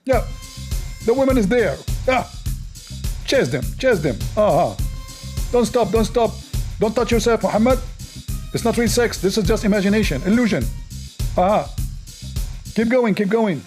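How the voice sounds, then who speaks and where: A man doing a shrill mocking cheerleader. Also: lively intonation, normal speed, pauses often, a little mellow, faint music behind. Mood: mocking, gleeful. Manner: mocking, sing-song encouragement. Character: shrill man egging someone on with mock cheers.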